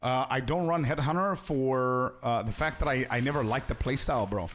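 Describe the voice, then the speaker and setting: A man's voice: medium pitch, moderate pace, fairly bright tone. A young man streaming a game, chatting casually with viewers and answering their questions. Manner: chatty, answers chat, says "bro" often. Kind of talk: casual live-stream chat.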